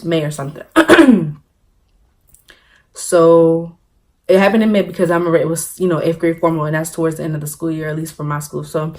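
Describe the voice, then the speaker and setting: A young woman tells a story-time vlog in a lively, animated way, laughing at her own jokes and acting out what people said. Her voice sits a little low for a woman. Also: fairly quick. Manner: animated, laughing, acts out quotes. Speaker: vlogger.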